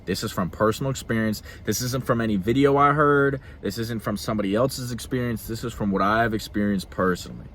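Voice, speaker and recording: A man's voice: on the low side, a bit bright, a little hiss or hum. A young man vlogging in an earnest talking-head monologue, emphatic and repeating himself for stress. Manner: emphatic, repeats phrases, quick laughs.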